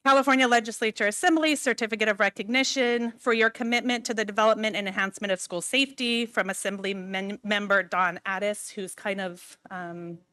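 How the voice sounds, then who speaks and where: A woman addresses a school board meeting with updates and recognitions. She sounds warm and slightly emotional, filling her pauses with "um"s. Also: medium pitch, fairly even intonation, smooth. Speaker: school district administrator. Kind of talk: meeting announcements.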